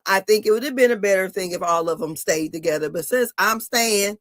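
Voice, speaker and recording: A woman's voice: mid-range voice, a little fast, fairly bright tone, dry recording. Blunt, chatty woman in a dry room. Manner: chatty, blunt, swears casually. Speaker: co-host recapping reality TV. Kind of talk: casual chat.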